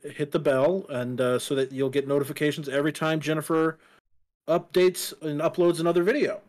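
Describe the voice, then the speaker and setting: A young man co-hosting a casual live-stream talk show, relaxed and easygoing, laughing often. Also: a little high, brisk. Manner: easygoing, plugs his channels, laughs often. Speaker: co-host.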